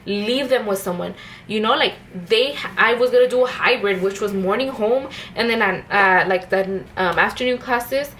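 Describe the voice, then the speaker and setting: A woman's voice: medium pitch, normal speed, a bit bright, slight background noise, rough recording. A young woman, a stay-at-home mom, chatting in a rambling way with many fillers and restarts while she does her makeup at home. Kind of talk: casual get-ready-with-me chat. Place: at home, indoors.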